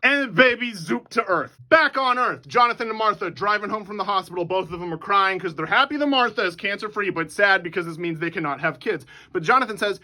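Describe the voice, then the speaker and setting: A man telling a movie pitch as a comedic story, in an excitable, profane, rapid-fire recap style. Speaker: movie pitch channel host.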